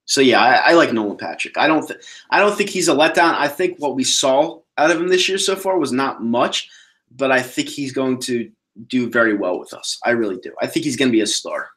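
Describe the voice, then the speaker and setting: Guy doing a solo sports podcast, blunt and sweary, ranting, average pitch. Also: brisk. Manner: blunt, profane, animated ranting. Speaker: podcast host reading viewer questions.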